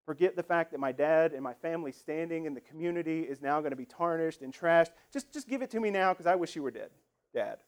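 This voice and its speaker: A man's voice: on the high side, animated, fast talker. A man preaching a sermon in a conversational, emphatic way, acting out the lines he quotes. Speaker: pastor.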